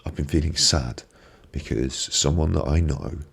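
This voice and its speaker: A man's voice: a bass voice, normal speed, creaky, fairly bright tone, husky. A man hosting a live stream, giving a reflective motivational talk on a binaural microphone and repeating phrases for emphasis. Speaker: ASMR live-stream host.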